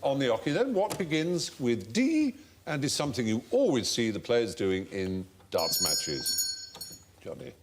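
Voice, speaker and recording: A man hosting a comedy quiz show, telling an anecdote with animated relish. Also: medium pitch, unhurried, background noise. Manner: animated storyteller, relishing the tale.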